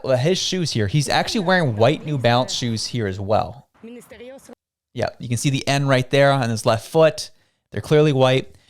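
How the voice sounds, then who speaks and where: A man from Canada hosting a show, giving casual news commentary in a conversational way, full of rhetorical questions. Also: medium pitch. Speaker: show host.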